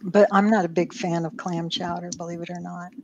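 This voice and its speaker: A woman's voice: lowish voice, level tone, a little fast, dull audio, noisy background. Dry, teasing woman from Ohio. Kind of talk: casual chat.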